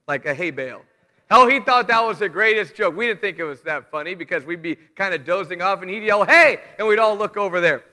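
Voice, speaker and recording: Bright-voiced man preaching in a church hall. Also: high voice. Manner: conversational storytelling, animated asides. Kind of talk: church sermon with announcements. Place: church sanctuary.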